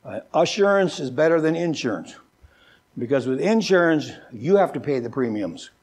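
An older man preaching a sermon as a pastor, folksy and joking, who often repeats words and slows down with a lifted voice when he reads scripture. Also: on the high side, big pitch swings, darkish tone, breathy edge. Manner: slows down and lifts his voice when reading scripture.

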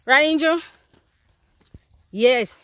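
A woman's voice: high-pitched, drawn-out words, a bit bright, no room sound. A woman in her fifties, out of breath as she hikes up a mountain trail outdoors, chatting casually to her phone camera and her dog. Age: 50s. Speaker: vlogger. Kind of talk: casual walking vlog.

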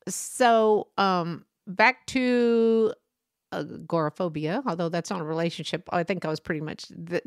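A woman's voice: mid-range voice, no room sound, clean studio sound. A grandmother hosting her own podcast, talking casually in a chatty, rambling way and laughing often. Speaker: podcast host. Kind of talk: casual solo podcast talk.

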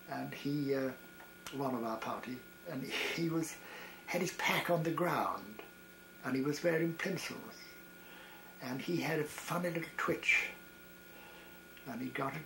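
An elderly man in his eighties tells stories from his days as a variety performer. He stops and restarts often, chuckling at his own tales, and his voice sits at a middling pitch. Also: gravelly, a bit bright, a little hiss or hum, rough recording. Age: 80s. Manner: halting, with many restarts and chuckles. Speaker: retired variety performer recalling wartime. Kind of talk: reminiscing storytelling.

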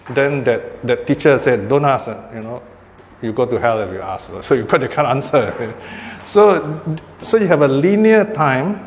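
A man's voice: mid-range voice, a little mellow. A man giving a dharma talk as a Buddhist teacher, explaining patiently and often checking with his listeners. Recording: long hall reverb, faint background noise.

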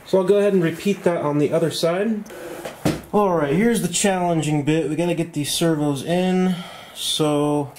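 A man walking through a model glider build at home at night, thinking aloud in a relaxed, self-deprecating way. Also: a little high, moderate pace, a little hiss or hum. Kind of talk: hands-on build tutorial.

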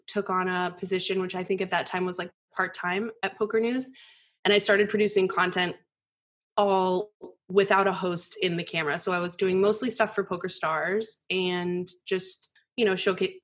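A woman in her thirties, a poker journalist as guest, telling candid stories in a casual, animated way with many "like" fillers. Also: lowish voice. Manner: animated, frequent "like" fillers, mimics voices in quotes. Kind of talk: candid conversational storytelling.

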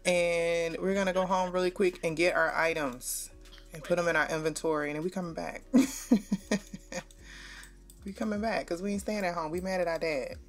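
Female gaming host, lowish voice, chatty casual commentary, faint game music behind. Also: fairly even intonation, moderate pace, long pauses. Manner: chatty, talks straight to viewers.

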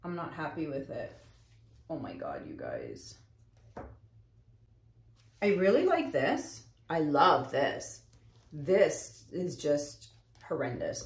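A woman's voice: lowish voice, huge pitch swings, slow pace, noisy background. A woman artist talking casually to her viewers while she paints. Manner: chatty, addresses viewers directly. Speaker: acrylic pour artist. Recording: echoey room.

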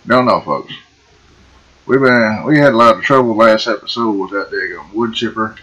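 A man giving folksy, excitable gameplay commentary and calling the viewers folks. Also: fairly low pitch, normal speed, low-quality recording. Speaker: gaming video host. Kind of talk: casual let's-play commentary.

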